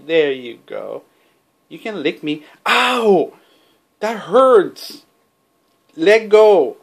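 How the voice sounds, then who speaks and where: A man's voice: high-pitched, big pitch swings, extremely slow, creaky, pauses often, husky. A man filming a home video, talking to a cat in a coaxing, sing-song baby-talk voice. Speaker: cat owner filming his cat.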